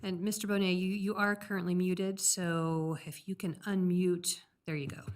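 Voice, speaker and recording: A staff member steps in to guide the meeting. She speaks briskly and to the point. Her voice is lowish for a woman. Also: level tone. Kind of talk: meeting moderation.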